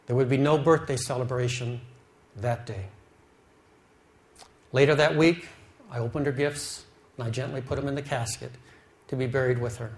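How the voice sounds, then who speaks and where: Middle-aged man, earnest testimony speaker, slow and heartfelt, average pitch. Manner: slow, heartfelt storytelling, drops quiet at sad moments. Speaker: speaker telling his life story. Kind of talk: emotional testimony.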